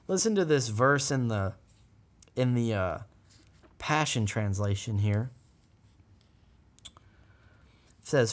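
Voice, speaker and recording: A man's voice: mid-range voice, expressive, takes it slowly, long pauses. Fervent man teaching scripture on a podcast. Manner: earnest and fervent, with bursts of praise; reads scripture aloud, then explains it. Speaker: podcast host.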